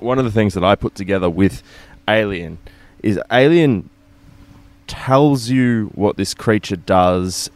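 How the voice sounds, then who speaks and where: A low-voiced man talking casually about horror films with friends. He rambles and fills his sentences with "like" and "uh". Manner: rambling, lots of fillers. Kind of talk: casual film discussion.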